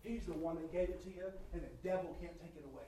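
A man preaching a sermon, swinging from quiet asides to shouted appeals and drawing amens from the congregation. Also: fairly high pitch, fast talker, distant mic, slight background noise. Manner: call-and-response with the congregation. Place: church sanctuary. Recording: echoey church, voice picked up from afar.

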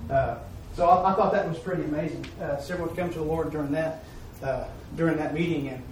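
A preacher man tells his mission story in a folksy, repetitive style, building to emphatic peaks. His somewhat high voice carries from a distance in a heavily echoing hall, over a faint hiss. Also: steady tone, fast talker. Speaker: preacher giving a mission report. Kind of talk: sermon storytelling. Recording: echoey hall, far-off mic, faint noise.

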